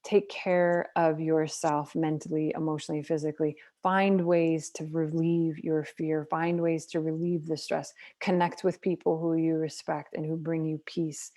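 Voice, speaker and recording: A woman's voice: sits low, little pitch movement, normal speed, hardly any pauses, dark tone. A woman from the United States, a holistic health practitioner, giving earnest, blunt advice in casual conversation and swearing freely.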